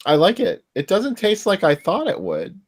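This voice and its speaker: Laid-back man co-hosting a chat podcast, relaxed and easy. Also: sits high, moderate pace. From Pittsburgh. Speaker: podcast co-host. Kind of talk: casual chat.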